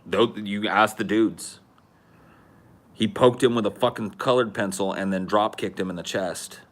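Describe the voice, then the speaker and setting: Guy in his 30s telling a crazy story on a podcast, swears a ton, yells the quotes. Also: fairly low pitch, a little slow. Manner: animated, swearing, acts out quotes loudly. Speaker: podcast co-host. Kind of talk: casual storytelling chat.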